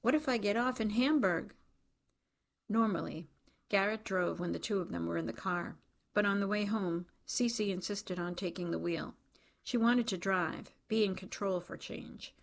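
Woman narrating audiobook, low voice, kinda gravelly, dry wry delivery. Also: steady tone, moderate pace.

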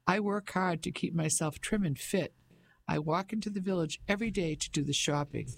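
A man voicing an indignant middle-aged wife in an audiobook, with a crisp, clipped, incredulous way of speaking. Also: high voice, normal speed, slight background noise. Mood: cold. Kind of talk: audiobook character voice.

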